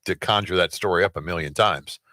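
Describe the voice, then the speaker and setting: Male radio host, very deep and forceful, emphatic and rhetorical, dry close sound. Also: a little fast, no echo. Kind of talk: casual political chat.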